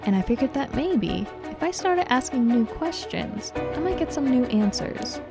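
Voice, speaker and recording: A woman's voice: high-pitched, big pitch swings, unhurried, gravelly, voice pushed up, exaggerated voice. A woman playing a dry, teasing detective. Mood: musing. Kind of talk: game voice-over read live. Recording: game music playing behind.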